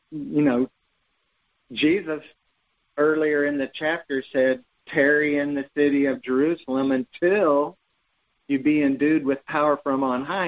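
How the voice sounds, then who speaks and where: A man with a somewhat high voice leads an informal Bible study, moving between reading scripture aloud and chatting about it. He talks loosely, restarting sentences as he goes. The recording sounds dull and lo-fi. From United States. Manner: conversational, reads scripture aloud with frequent restarts. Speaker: Bible teacher.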